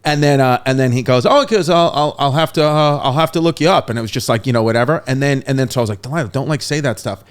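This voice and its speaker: A man who is a comedian, a podcast guest telling a long story in a rambling, animated way. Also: mid-range voice, racing, few pauses, clean tone. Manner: rambling, repeats "I was like", animated retelling. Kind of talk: casual storytelling.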